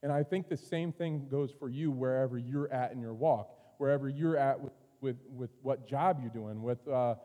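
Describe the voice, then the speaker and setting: A man preaching a sermon as pastor, earnest, moving from loud urging to quiet, intimate passages. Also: medium pitch, normal speed, hardly any pauses, narrow, tinny audio. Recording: long reverb of a hall.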